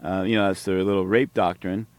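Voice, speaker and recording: A man's voice: low voice, little pitch movement, a little fast, a little mellow, no room sound. A man hosting a podcast, reacting to a played talk with heated, profane, sarcastic commentary. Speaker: podcast host.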